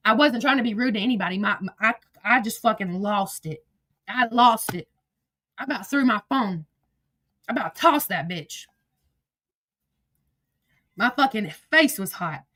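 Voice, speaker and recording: A woman's voice: a little high, animated, normal speed, long pauses, fairly bright tone, dry recording. A woman hosting a livestream, ranting angrily and emotionally with lots of swearing and repetition into a phone. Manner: angry, profane, emotional, repeats herself. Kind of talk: heated livestream rant.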